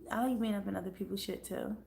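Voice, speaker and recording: Woman ranting on her livestream, swears a lot, real blunt and chatty, mid-pitched voice. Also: fairly even intonation, quick pace, vocal fry, a little mellow, slight background noise. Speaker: livestream host. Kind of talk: casual livestream chat.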